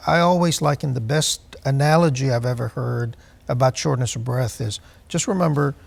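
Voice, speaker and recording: Man, 60s, doctor, gravelly voice, slow measured delivery, hesitant fillers. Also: medium pitch. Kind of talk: TV health call-in answers.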